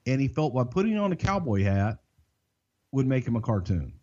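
A man with a Southern US accent, telling wrestling stories on a podcast in a drawn-out, emphatic, salty way. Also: mid-range voice, big pitch swings, darkish tone. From Southern United States. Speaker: podcast co-host and wrestling insider. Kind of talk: casual storytelling. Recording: dull lo-fi podcast audio.

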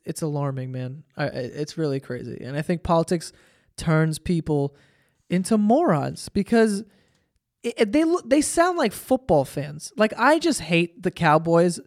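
A man hosting a solo podcast, ranting casually with lots of swearing and sarcastic exasperation. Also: high voice. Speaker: podcast host.

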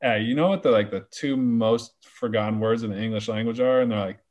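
A man's voice: mid-range voice, fairly quick, a little mellow, dull audio. Laid-back guy telling clubhouse stories. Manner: laid-back, lots of "like" and restarts. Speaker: baseball player guest. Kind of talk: casual interview chat.

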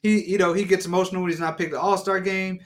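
Animated rambling male sports co-host. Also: high voice, fast. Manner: rambling, restarts and laughs, animated riffs. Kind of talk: casual sports chat.

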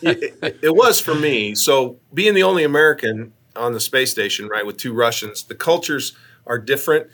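A man from Nebraska, an astronaut guest, telling stories in a casual, animated way and often tagging his lines with "right?". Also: medium pitch, normal speed. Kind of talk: casual storytelling interview.

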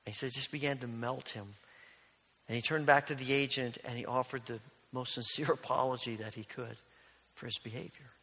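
A male pastor preaching a sermon, telling stories earnestly and dropping to a hush on key lines. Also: mid-range voice, steady tone, brisk, breathy edge. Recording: long reverb of a large hall.

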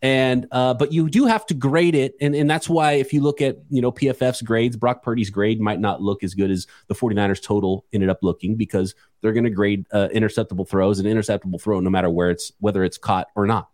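Low-voiced, blunt, chatty man. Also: fairly even intonation, brisk, few pauses, darkish tone, dry recording, studio quality. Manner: blunt, chatty, restarts often. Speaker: podcast host. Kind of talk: casual sports chat.

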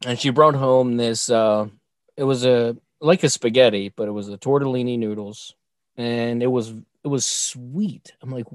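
A man's voice: mid-range voice, moderate pace, dry recording, clean studio sound. A middle-aged man co-hosting a casual podcast, telling rambling family stories with jokes. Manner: rambling storyteller, jokey. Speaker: podcast co-host.

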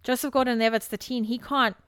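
A woman's voice: a little high, steady tone, fairly quick, a bit bright, smooth, dry recording, studio quality. A woman co-hosting a podcast, chatting casually and laughing as she retells things. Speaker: podcast co-host. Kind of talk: casual chat.

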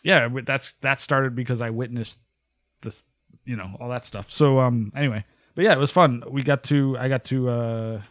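A man chatting casually as a podcast guest, relaxed and rambling, laughing often. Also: mid-range voice, moderate pace. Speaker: guest and pipe band member. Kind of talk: casual chat.

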